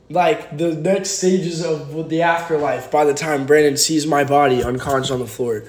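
A man's voice: fairly high pitch, fairly even intonation, moderate pace, hardly any pauses. A young man hosting a casual livestream from home on his phone, reading viewer comments and rambling through jokes and teasing. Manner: joking, rambling, playfully teasing. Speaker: livestream host. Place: home, indoors.

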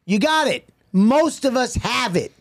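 A man co-hosts a comedy podcast and rants bluntly in an exasperated, swearing tone. His voice sits fairly high for a man, recorded close on a studio mic. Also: lively intonation, a little slow, dry recording. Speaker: podcast co-host.

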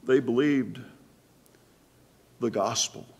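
A man pastor giving a sermon-style Bible study in a church, halting with fillers and asking the congregation questions. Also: medium pitch, darkish tone, husky. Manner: halting, many fillers and restarts.

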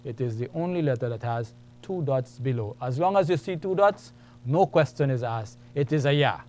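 A man's voice: mid-range voice, animated, moderate pace, darkish tone, a little hiss or hum. A man teaching a beginners' lesson, patiently explaining and repeating each point step by step. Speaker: Arabic teacher. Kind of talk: classroom lesson.

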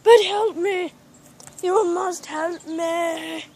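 A woman's voice: very high-pitched, fairly even intonation, very slow, a little mellow, slight background noise, exaggerated voice. A woman voicing a shrieking plush pet toy. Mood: panicked. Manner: dramatic shrieks and pleading. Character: excitable female plush pet toy, easily panicked. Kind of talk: toy role-play video.

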